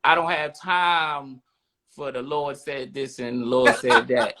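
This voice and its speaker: A man's voice: mid-range voice, steady tone, slow pace, pushed and bright. A man co-hosting a podcast, talking bluntly in casual street slang and often asking "you know what I'm saying". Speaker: podcast co-host.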